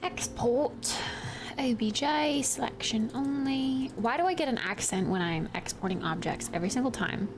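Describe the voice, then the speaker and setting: A woman's voice: fairly high pitch, expressive, normal speed. A woman streaming her 3D art work, chatting casually and half-whispering to herself as she works. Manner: mutters and whispers to herself between chatty remarks. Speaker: streamer and 3D artist. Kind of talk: casual running commentary while working. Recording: background music under the voice.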